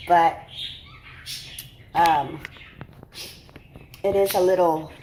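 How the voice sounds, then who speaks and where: A woman's voice: on the low side, slow pace, pauses often, dark tone, a little hiss or hum. A woman chatting her way through a home cooking tutorial in her kitchen, rambling with lots of fillers and self-corrections, teary from cutting onions. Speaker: cooking vlogger.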